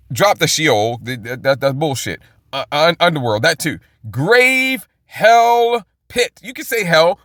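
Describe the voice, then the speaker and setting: A man's voice: medium pitch, sharp tone, no room sound, studio quality. A man teaching the Bible in an informal, rambling way, repeating words and checking in with "okay?" often. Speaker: preacher.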